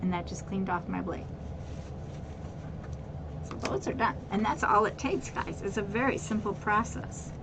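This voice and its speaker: A woman's voice: mid-range voice, a little slow, pauses often, noisy background. A woman hosting a casual craft tutorial, explaining step by step in a chatty way with frequent repeats and fillers. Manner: chatty, repeats words, addresses viewers as guys. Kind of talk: casual how-to demonstration.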